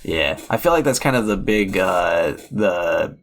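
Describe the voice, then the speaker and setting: Low-voiced and animated, this podcast co-host takes his time as he chats casually about movies. He rambles, peppering his talk with fillers and starting over often.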